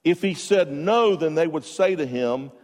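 Preacher in a reverberant hall. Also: male voice, fairly high pitch, expressive, unhurried. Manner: storytelling, bursts of loud emphasis, drops quiet for a joke. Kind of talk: sermon. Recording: long reverb of a large hall.

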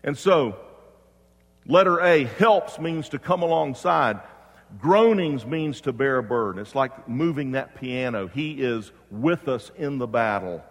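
A man preaching a sermon as pastor, swinging from loud emphatic preaching to hushed, quiet storytelling. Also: mid-range voice, lively intonation, measured pace, in a large hall.

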